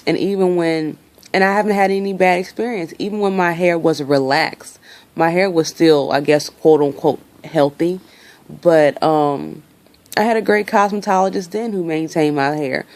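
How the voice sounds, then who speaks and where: Young woman, low voice, frustrated vlog rant, swears freely. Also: moderate pace, a little mellow. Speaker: vlogger.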